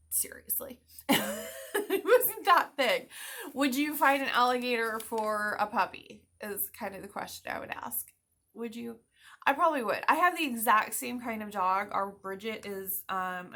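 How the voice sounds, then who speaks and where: A woman realtor chatting casually to camera in an update video, animated and full of fillers and little laughs. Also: medium pitch, normal speed. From Florida, US. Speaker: realtor giving a market update.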